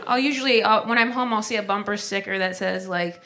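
A woman from Ohio doing stand-up comedy in a dry, deadpan style. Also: mid-range voice, brisk, creaky. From Ohio, USA. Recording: noisy live recording.

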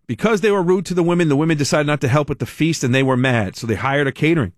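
A man hosting a talk radio show, reading news quotes aloud and adding lively asides. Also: fairly high pitch, racing, few pauses, no echo, studio quality.

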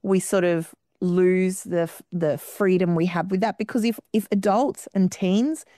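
A woman guest in an interview, explaining her ideas in long, flowing, expressive sentences. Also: lowish voice, measured pace, dry recording, studio quality. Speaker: guest musician. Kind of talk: radio interview.

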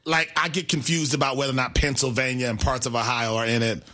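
A man's voice: mid-range voice, steady tone, fast talker, bright, forceful tone, soft background music. A man from Milwaukee co-hosting a casual podcast chat, laid-back and rambling, laughing easily. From Milwaukee, Midwest US. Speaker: co-host.

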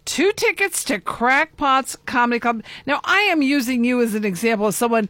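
A man's voice: very high-pitched, brisk, bright, forceful tone, no echo. A man hosting a morning radio show, reading out giveaways and dad jokes in an upbeat way. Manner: upbeat, reads promos and jokes. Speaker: radio host.

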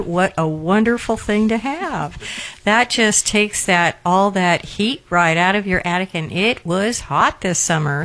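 A woman's voice: fairly low pitch, a bit bright. A woman from the Pacific Northwest, a radio co-host and weather reporter, talking up solar products with upbeat enthusiasm. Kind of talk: casual radio talk.

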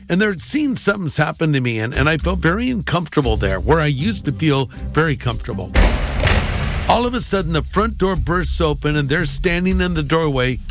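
A pastor telling his personal testimony in an animated way, acting out the dialogue. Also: on the high side.

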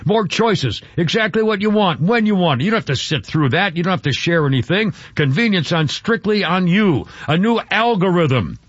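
A man's voice: sits high, expressive, moderate pace, few pauses, fairly bright tone, no room sound, muffled recording. Dry-sounding radio host man. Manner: rambling, with restarts and chuckles. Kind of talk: casual radio talk and read-out essay.

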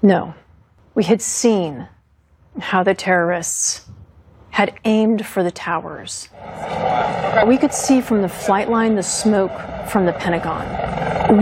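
In an interview, a woman in her fifties who once flew fighter jets recounts her experience in an earnest, steady, resolute way. Her voice is medium-pitched, and there's background noise.

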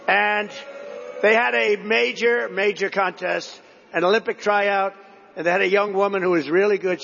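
A man's voice: sits high, vocal fry, a bit bright, in a large hall, muffled recording. Rambling man giving a rally speech. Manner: rambling, digressive, repetitive storytelling to a crowd. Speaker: political speaker at a rally.

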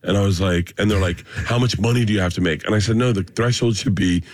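A man tells stories in a casual studio chat, jumping into raised voices whenever he quotes someone. His voice sits fairly low. The sound is dry and close, with no room around it. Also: fast talker, dry recording. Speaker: comedian guest.

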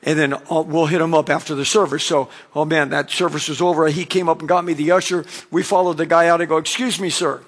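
A man preaching a conversational sermon as a pastor, telling stories and acting out quick bits of dialogue. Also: a little high, level tone. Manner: conversational preaching with acted-out anecdotes.

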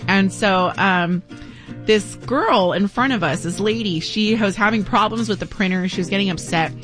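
A woman's voice: medium pitch, moderate pace, a bit bright, faint music behind. A woman telling a casual personal story on the radio in a chatty way, laughing often. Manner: chatty, laughs often, acts out quoted people. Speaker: radio devotional speaker.

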